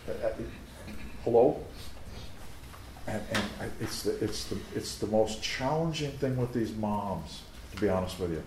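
A pastor speaks at a measured pace with long pauses, his fairly low voice a little mellow. Preaching before a live audience in a teaching room, he tells stories conversationally with asides to listeners, and the recording has a roomy echo plus a little hiss or hum.

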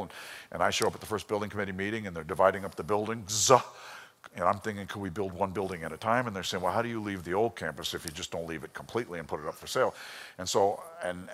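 A man preaching a sermon, telling a personal story with emotion and swinging between loud bursts and hushed lines. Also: low-pitched, in a large hall. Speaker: pastor.

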